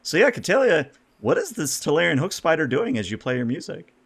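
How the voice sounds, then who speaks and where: Male game master, animated pitch, calls rolls and trips over his words. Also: fairly quick, creaky, slightly rough. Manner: lively, stumbling over words while calling rolls. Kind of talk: running a tabletop game.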